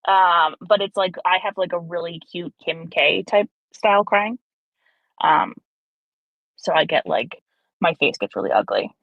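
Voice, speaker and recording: A woman chatting casually while streaming a game, animated and self-mocking. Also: fairly low pitch, a little slow, vocal fry, no room sound. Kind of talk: casual gaming chat. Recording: slightly dull lo-fi stream audio.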